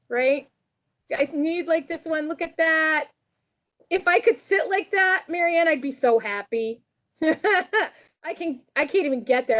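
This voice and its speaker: A woman with a high, bright-sitting voice runs a relaxed online workshop for teachers. She talks in a chatty, upbeat way and keeps checking in with her listeners. The sound is dull and lo-fi, like a web call. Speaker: teacher trainer. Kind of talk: casual online workshop presentation.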